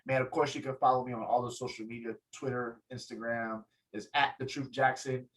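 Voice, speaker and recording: A man, a guest on an interview show, telling a story with lively energy and acting out what others said. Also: a little fast, poor audio. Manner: lively, acts out quotes, swings pitch up in excitement. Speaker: guest, photographer and fighter. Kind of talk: animated storytelling in casual interview.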